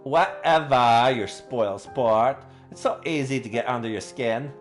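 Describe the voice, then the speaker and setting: A man's voice: medium pitch, a little slow, soft background music, lightly acted. A man voicing a playful, smug young college woman who teases her boyfriend, reading a visual novel aloud. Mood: teasing. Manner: playful, teasing.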